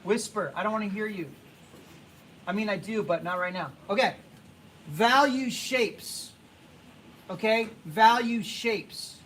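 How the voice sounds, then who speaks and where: High-voiced man teaching a drawing class. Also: slight background noise, low-quality recording. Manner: casual, halting, repeats himself, hushes the class. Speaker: art teacher.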